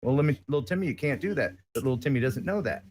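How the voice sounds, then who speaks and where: A man's voice: mid-range voice, lively intonation, rapid-fire, a little mellow. Give me an American man talking casually as a stream guest, rambling with filler words and jokes. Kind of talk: casual live-stream chat.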